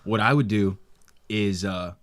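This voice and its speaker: A man co-hosting a podcast, calmly laying out what he would do in crude comic banter. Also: on the low side, a little slow. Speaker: podcast co-host.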